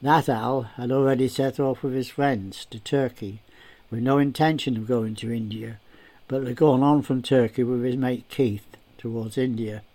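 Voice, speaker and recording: A man narrating a story aloud in a steady, unhurried, plain way. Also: mid-range voice.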